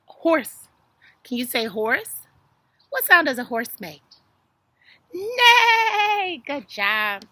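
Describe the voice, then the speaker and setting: A woman's voice: a little high, expressive, slow, long pauses, pushed and bright, dry recording. A young woman reading a story and doing animal flashcards for toddlers in a sing-song, exaggerated way. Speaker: children's video host.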